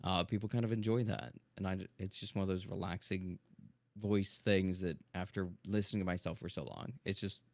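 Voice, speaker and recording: A man talking casually on a podcast in a low, projecting chest voice, keeping a calm, even, near-monotone delivery. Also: brisk, gravelly, dry recording. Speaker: streamer guest. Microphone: dynamic studio microphone.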